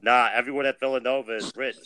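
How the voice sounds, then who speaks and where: A man's voice: mid-range voice, steady tone, fast talker, pushed and bright, smooth, no room sound. A man co-hosting a casual podcast, brash and boastful, talking big in a streetwise, trash-talking manner. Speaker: podcast co-host.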